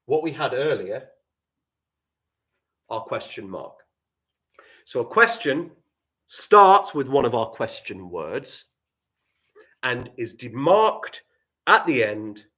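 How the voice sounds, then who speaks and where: Male primary teacher, English accent, lively up-and-down pitch, playful, talking to children online. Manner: animated, playful, dropping to quiet asides. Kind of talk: live online writing lesson.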